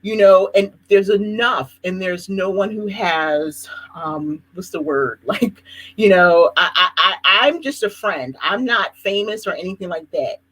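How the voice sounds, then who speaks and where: Husky Philly woman telling stories. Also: mid-range voice, unhurried, low-quality recording. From Philadelphia. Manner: animated storytelling, laughs often. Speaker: host. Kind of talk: casual live chat.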